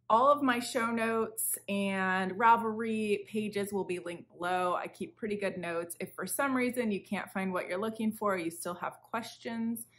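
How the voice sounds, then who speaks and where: A woman's voice: mid-range voice, fairly bright tone. A woman hosting a crafting podcast from home, chatting casually and rambling a little, with a slightly sick voice. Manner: chatty, rambling, self-interrupting. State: recovering from illness, a bit sick. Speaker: podcast host. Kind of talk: casual chat. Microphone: camera for a video podcast.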